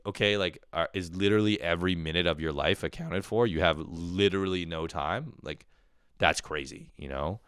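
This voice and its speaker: A man's voice: low-pitched, normal speed, fairly bright tone, smooth, no echo, studio quality. A young man delivering a casual comedic monologue, rambling and exasperated, swearing as he rants. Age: young adult. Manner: profane, rambling, exasperated ranting. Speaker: comedian podcast host.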